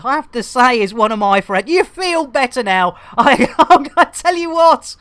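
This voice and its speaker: A woman's voice: high voice, no room sound. A woman doing live game-stream commentary in playful, punning patter, laughing often and addressing viewers like a showman. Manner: showman-like addresses to "ladies and gentlemen".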